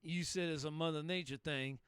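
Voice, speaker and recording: A man's voice: fairly high pitch, steady tone, a little fast, fairly bright tone, clean tone. A man chatting over CB radio in a folksy, salty way, repeating himself. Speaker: CB radio operator. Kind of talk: CB radio chat.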